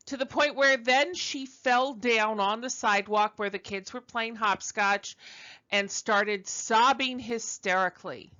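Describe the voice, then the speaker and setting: Bright-voiced woman lecturer, lo-fi. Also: a little high, slow pace. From Brooklyn, New York. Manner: conversational, self-deprecating, many fillers. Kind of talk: recorded university lecture.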